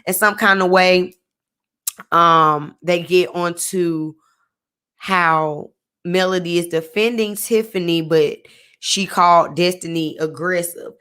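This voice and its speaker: A woman with a slightly low voice recaps a reality show in a casual, sassy way. She talks like she's chatting with a friend and keeps dropping slang asides as she goes. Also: fairly even intonation, takes it slowly, a bit bright, clear, resonant tone. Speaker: TV recap reviewer.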